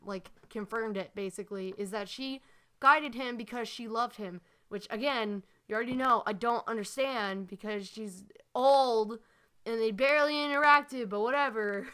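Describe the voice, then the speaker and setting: A woman's voice: a little high, fairly bright tone. A woman ranting in a frustrated, sighing way as she talks through her analysis, with lots of fillers. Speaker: fan analysis video maker. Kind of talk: ranting commentary.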